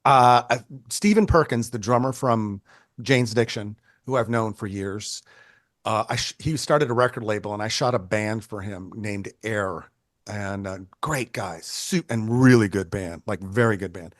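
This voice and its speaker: In a studio-quality interview with no echo, an older photographer tells stories in a rambling, animated way. His voice is lowish and his pace moderate, and he often restarts sentences while acting out the voices of people he quotes.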